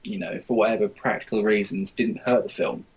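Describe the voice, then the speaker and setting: Male podcast host, husky low voice, muses hesitantly over films. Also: fairly even intonation, a little fast, low-quality recording. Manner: thoughtful, hesitant, many restarts. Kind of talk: casual film discussion.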